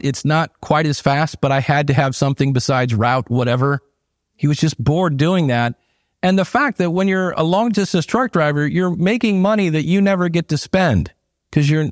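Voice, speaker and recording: A man's voice: a little high, no room sound, studio quality. A middle-aged man, preaching a sermon in a casual, conversational way with asides. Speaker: pastor.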